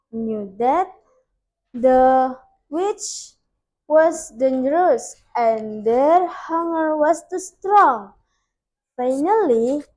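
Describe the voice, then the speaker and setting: A young Indonesian-accented woman reads a fairy tale aloud as a school storyteller. Her voice sits high and she takes her time over every phrase, with the odd slip along the way. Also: a little mellow, low-quality recording. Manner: slow, careful reading with small slips. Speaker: student storyteller.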